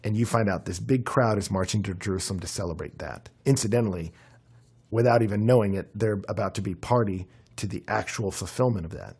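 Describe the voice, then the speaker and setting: A young man preaching a conversational sermon, his voice worn and hoarse, with frequent fillers and animated emphasis. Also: low-pitched. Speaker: pastor.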